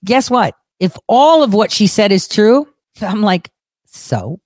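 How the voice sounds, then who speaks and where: A woman talking casually about politics at a medium pitch, blunt and sarcastic, with frequent swearing and laughter. Her voice sounds close and dry, with no room echo. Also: expressive, a little slow, darkish tone. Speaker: political commentary host. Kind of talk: casual ranting commentary.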